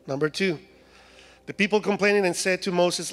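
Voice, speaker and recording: A man's voice: fairly high pitch, steady tone, a little fast, in a large hall. A man from Mexico with a Mexican Spanish accent, preaching a humorous sermon in a church. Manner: humorous, acts out voices of complaining people. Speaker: guest preacher. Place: church sanctuary.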